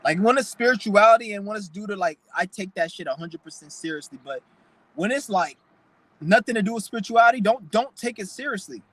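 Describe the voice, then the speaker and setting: A man's voice: high-pitched, lively intonation, a little fast, a bit bright, no echo, rough recording. A young man hosting his own channel, ranting bluntly and profanely in a preachy, emotional way. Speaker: channel host. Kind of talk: casual vlog rant.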